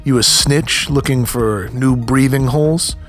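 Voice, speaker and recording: A man reads a huge street enforcer who keeps his voice quiet and clipped. He sounds threatening without ever shouting. The pitch sits at an everyday middle level. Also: a little slow, soft background music, lightly acted. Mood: suspicious. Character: hulking menacing male gang enforcer.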